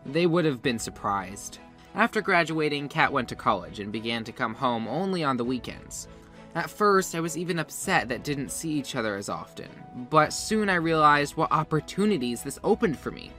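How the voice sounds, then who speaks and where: A man's voice: medium pitch, sharp tone. A man telling a first-person story as scripted, earnest confessional narration. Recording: faint music behind the voice.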